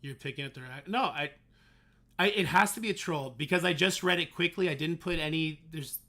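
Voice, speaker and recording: High, gravelly streamer ranting. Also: male voice, brisk, pushed and bright. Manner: exasperated ranting, heavy swearing. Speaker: game streamer. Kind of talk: livestream talk to chat.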